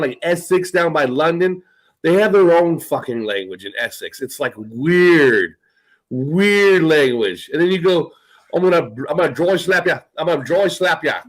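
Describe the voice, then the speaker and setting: High-voiced man swearing casually. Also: rough recording. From United States. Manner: profane, rambling, laughs often. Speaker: podcast host. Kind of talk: casual chat.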